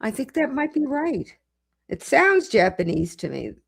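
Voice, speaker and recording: A middle-aged woman hosting a livestream, chatting casually with viewers as she reads comments and slowly sounds out foreign greetings. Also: high-pitched, very animated, gravelly, breathy edge. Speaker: legal commentator and livestream host.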